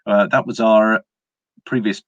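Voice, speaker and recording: A man's voice: fairly low pitch, flat delivery, a little slow, fairly bright tone, no room sound, muffled recording. A man hosting a casual live stream, chatting easily and reading viewer comments aloud. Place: indoors at home, evening.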